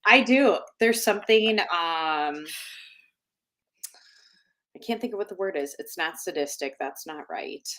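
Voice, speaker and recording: A woman's voice: on the low side, measured pace, long pauses, a bit bright. Chatty woman co-host. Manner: chatty, searches for words aloud, uses fillers. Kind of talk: casual live-stream chat.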